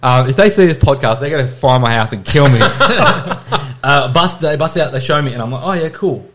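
A man's voice: medium pitch, fairly quick, a bit bright. A young man, a comedian guest, telling a childhood story in casual podcast chat and laughing through it.

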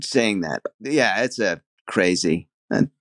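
A male comedian chatting on a podcast, his pitch swinging widely up and down as he muses. His voice sounds dry and close, with no room around it. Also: animated, slow pace, fairly bright tone, no echo. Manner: musing and questioning, hedges with "I don't know" and "I think". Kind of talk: casual conversational chat. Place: living in Germany.

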